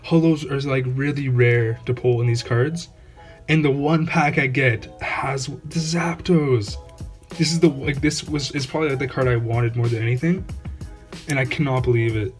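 A man's voice: medium pitch, moderate pace, faint music behind. A man hosting his own channel, giving casual unboxing commentary, awestruck and repeating exclamations over and over. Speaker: channel host opening trading card packs.

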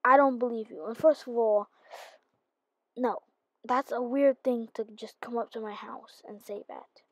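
Casting: a high-voiced woman, slow-paced, exasperated casual role-player. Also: steady tone, dark tone, husky, dry recording. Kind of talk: casual role-play narration.

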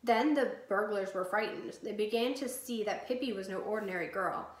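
A woman's voice: medium pitch, normal speed. Woman teacher reading a story aloud. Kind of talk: reading a chapter book aloud. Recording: echoey room.

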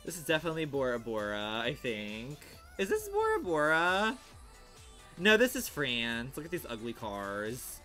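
A young man livestreaming and commenting casually on a game he is playing, in a sassy, theatrical way that swings into outraged shouts. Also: medium pitch, huge pitch swings, normal speed, soft background music.

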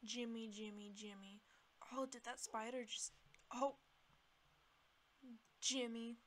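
A woman talks through her game as she plays it, chatty and reactive, with sudden high yelps. Her voice sits a little high and her speech is slow and drawn out. The recording carries clear steady noise under her voice. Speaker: gamer. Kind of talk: let's play commentary.

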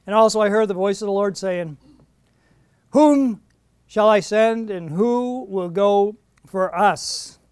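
A man's voice: high-pitched, smooth, no room sound. A middle-aged man giving a Bible study lecture, earnest and emphatic when he reads out verses. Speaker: Bible teacher.

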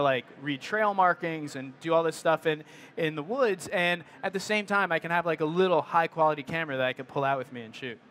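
Chatty man with a high voice. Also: pushed and bright. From United States. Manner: rambling, many fillers and restarts. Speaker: photographer giving a presentation. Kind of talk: casual talk to an audience.

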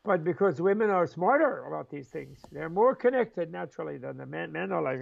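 An older man, a Buddhist scholar appearing as an interview guest, tells rambling stories with chuckles and acts out the voices of the people he quotes. His voice is high, expressive and a little fast, with some creak. The recording sounds muffled and carries a faint hiss or hum.

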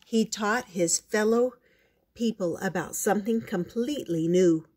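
A woman voicing a wise, patient male owl in a storybook reading, calm and explaining. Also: mid-range voice, unhurried, breathy edge. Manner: calm, explaining, a little stern.

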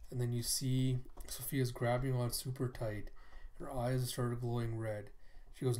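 A man's voice: medium pitch, flat delivery, unhurried, darkish tone. A man casually reading through a comic book, retelling the scenes in a chatty, conversational way. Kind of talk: casual comic read-aloud narration.

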